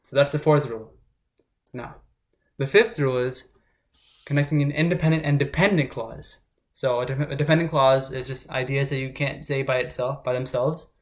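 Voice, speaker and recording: A test prep tutor with a medium-pitched voice explains grammar rules at a moderate pace. He keeps it informal, talking things through and checking in with listeners by often asking "right?"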